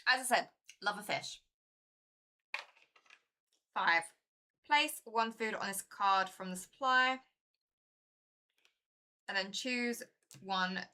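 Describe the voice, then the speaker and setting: A young woman chatting casually as she streams a board game, talkative and easily excited. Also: medium pitch, slow, pauses often.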